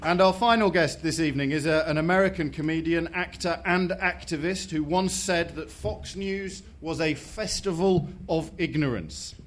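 A man's voice: fairly high pitch, normal speed, few pauses, a little hiss or hum. A man hosting a comedy panel show, reading upbeat introductions of the guests. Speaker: host.

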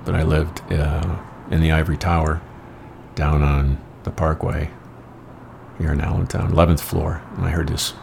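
A man's voice: rumbling low, little pitch movement, normal speed, creaky, darkish tone, a little hiss or hum. A middle-aged man telling casual, rambling anecdotes in a wry, profane manner. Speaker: storyteller.

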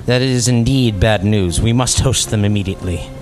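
A man's voice: on the low side, moderate pace, a little mellow, pitched below the performer's own voice, close to an everyday voice. A man voicing a small male goblin king who speaks formally and grandly. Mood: regal. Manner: formal, stately speech.

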